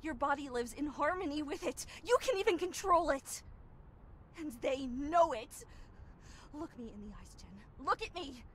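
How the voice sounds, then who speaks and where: An actress playing a woman urgently warning her friend of danger in a horror game, tense and hushed. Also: high voice, animated, moderate pace, a little hiss or hum. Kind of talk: scripted game voice acting.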